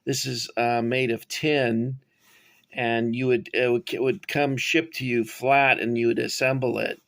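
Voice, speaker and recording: Gravelly middle-aged man rambling. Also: mid-range voice, flat delivery, a little slow, a bit bright. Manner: rambling, digressive, many fillers. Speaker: toy collector reviewing figures. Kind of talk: casual show-and-tell.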